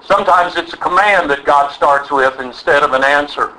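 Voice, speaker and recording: A man's voice: a little high, moderate pace, pushed and bright, poor audio. A man preaching a sermon, acting out voices of God and Bible figures and leading the audience in call and response.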